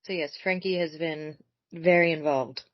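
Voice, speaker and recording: A woman co-host chats playfully on a podcast, teasing her friends. Her voice is on the low side for a woman. The sound is dull and dry, with no room. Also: steady tone, moderate pace, dry recording. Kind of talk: casual chat.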